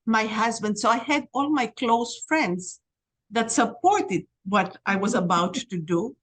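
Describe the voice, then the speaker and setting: A middle-aged woman from Greece, a podcast guest telling stories in a lively way and acting out the dialogue. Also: a little high. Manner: animated storyteller, reenacts dialogue. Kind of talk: storytelling interview.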